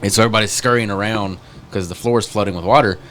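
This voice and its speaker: Young man, quick and low-voiced, self-mocking podcast storyteller, faint hiss underneath. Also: fairly even intonation, a bit bright. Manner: rambling, self-deprecating anecdotes. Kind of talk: casual storytelling chat.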